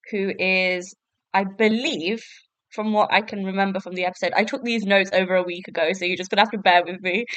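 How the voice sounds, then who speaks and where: A woman's voice: medium pitch, a bit bright, no room sound. A woman hosting a podcast, talking through a review in a rambling, casual way full of fillers. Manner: chatty, rambling, lots of fillers like "so basically" and "like". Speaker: podcast host. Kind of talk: casual solo review chat.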